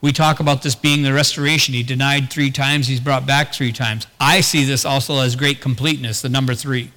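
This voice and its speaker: A man's voice: mid-range voice, fairly even intonation, fairly quick, pushed and bright, in a large hall. A man preaching a sermon as pastor, talking earnestly and putting rhetorical questions to the congregation.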